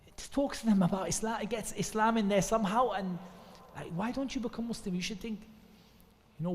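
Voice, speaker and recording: In a hall, a high-voiced man gives informal religious advice at a brisk pace. He's earnest and conversational, repeating devotional phrases.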